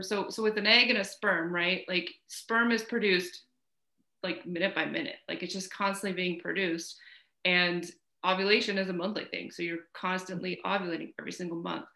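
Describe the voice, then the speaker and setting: A woman's voice: mid-range voice, pushed and bright. A woman hosting a podcast, talking conversationally with many "you know"s and "right?"s. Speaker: podcast host. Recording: echoey room.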